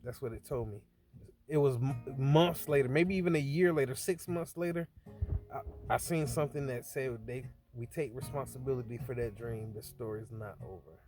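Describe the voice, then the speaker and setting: A man's voice: medium pitch, normal speed, a little mellow. A man vlogging in a casual storytelling style, earnest and shaken, who rambles and restarts his words. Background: background music.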